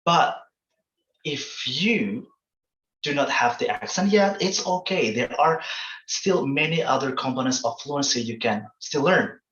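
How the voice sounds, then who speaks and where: A man with an Indonesian accent giving relaxed feedback as a presenter in an online workshop, with lots of fillers. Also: medium pitch, echoey room, highs cut off. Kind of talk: casual online workshop talk.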